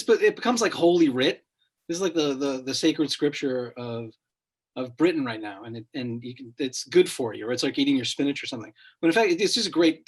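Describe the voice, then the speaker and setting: A man who directs, chatting on a video call. His voice is a bit husky, and he rambles with many restarts. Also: medium pitch. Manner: rambling, hesitant. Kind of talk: casual video call chat.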